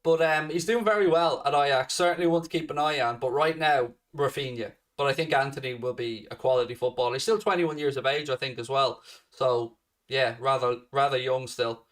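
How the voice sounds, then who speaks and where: Male host, mid pitch, blunt sweary chat answering questions, recorded a little off-mic. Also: fairly quick, recorded from a distance. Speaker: fan channel host. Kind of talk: casual live Q&A chat.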